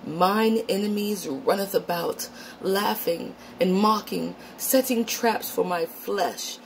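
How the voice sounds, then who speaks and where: A woman's voice: mid-range voice, slow, gravelly, slight background noise, pitched above the performer's own voice, rough recording. A woman putting on a pompous, self-righteous man who preaches in archaic old English, recited in a theatrical mock-Shakespearean manner. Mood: preachy.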